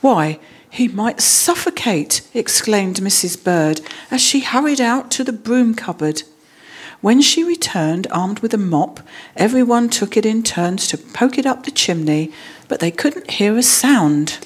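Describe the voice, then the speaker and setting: Expressive woman reading a storybook. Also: mid-range voice, unhurried, breathy edge. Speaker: narrator.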